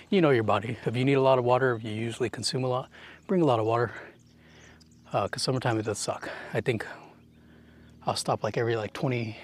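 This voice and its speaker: A young man chatting his way up a mountain trail, narrating a hiking vlog into a handheld camera in a rambling, filler-heavy way. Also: mid-range voice. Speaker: hiking vlogger.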